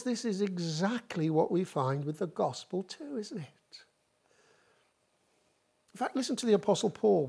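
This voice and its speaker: A woman's voice: mid-range voice, dark tone, breathy edge. A woman preaching a sermon, asking rhetorical questions and repeating points for emphasis.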